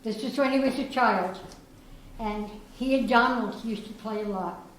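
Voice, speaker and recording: At a prize reception in a chess club's reception room, the guest speaker, an older German woman, delivers a storytelling speech at normal speed. Her voice sits a little high, and recent dental work leaves her words slightly slurred. The recording carries a little hiss or hum, room echo, and faint ambience.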